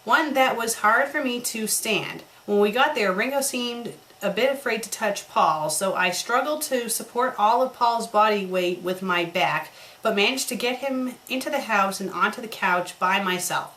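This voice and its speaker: A woman's voice: medium pitch, normal speed, hardly any pauses, a bit bright. A woman who critiques fanfiction, reading a story aloud and breaking off with sarcastic, exasperated asides.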